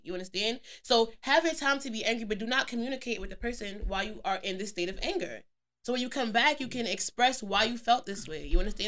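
A woman's voice: mid-range voice, fairly bright tone. A woman in casual group chat, talking earnestly and at length, explaining her view.

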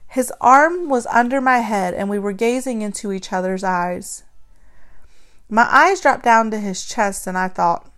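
A woman narrating a story in the first person, expressive and acting out the dialogue. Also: medium pitch, a little slow.

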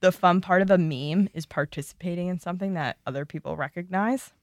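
A woman's voice: fairly low pitch, a little fast, no room sound, clean studio sound. A young woman co-hosting a casual chat, reading from an article with easy fillers and asides. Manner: relaxed, reads notes with fillers. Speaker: podcast co-host.

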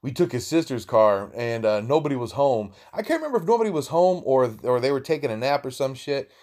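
A man's voice: medium pitch, lively intonation, brisk, a little mellow. Podcast host, man, swears constantly, rambles through stories in slang and restarts. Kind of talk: casual storytelling monologue.

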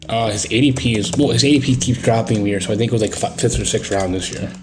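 A man's voice: on the low side, racing, over music. A young man co-hosting a casual sports podcast, rambling and searching for words with many fillers. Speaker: podcast co-host.

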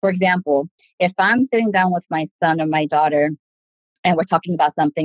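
A woman's voice: low-pitched, no room sound. Earnest mother on a tinny line. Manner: earnest, reflective, speaks in long connected sentences. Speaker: podcast guest. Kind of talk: casual podcast conversation. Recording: tinny phone-like sound.

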